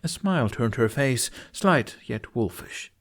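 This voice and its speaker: Male audiobook reader, animated and expressive, mid pitch. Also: a little slow. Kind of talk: storybook narration.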